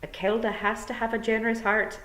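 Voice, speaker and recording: A woman's voice: on the high side, level tone, fairly bright tone, voice pushed up, natural voice. A woman doing a dying old pixie matriarch with a Scottish brogue. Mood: wry. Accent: put-on Scottish. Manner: slow, weak, murmuring. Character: dying tiny old pixie clan mother, shrewd and commanding. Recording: roomy echo.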